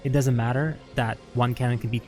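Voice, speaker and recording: A man's voice: medium pitch, steady tone, fairly quick, darkish tone, faint music behind. A man commentating a strategy game match at a live event, chatty and analytical with frequent laughs and fillers. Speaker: esports commentator. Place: venue at a LAN event.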